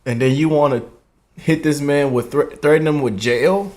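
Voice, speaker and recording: A man's voice: a little high, normal speed, darkish tone. A man hosting a reaction channel, speaking in a heartfelt, emotional way and often adding "man" and "y'all". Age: 20s.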